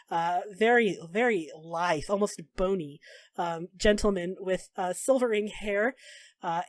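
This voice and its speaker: A woman's voice: medium pitch, dry recording, clean studio sound. A woman game master narrating a tabletop role-playing game in a casual way, with frequent fillers.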